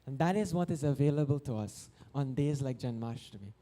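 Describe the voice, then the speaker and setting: Animated man telling a devotional story. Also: medium pitch, fairly quick. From Guyana. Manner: animated storyteller acting out voices, sings verses. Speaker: devotional speaker. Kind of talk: storytelling sermon. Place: temple hall.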